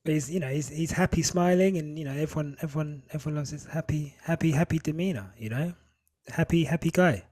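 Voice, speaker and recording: A man co-hosting a casual podcast chat, animated, teasing and pushing his guests for answers. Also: on the high side, quick pace. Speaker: podcast co-host. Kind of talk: casual chat about motor racing.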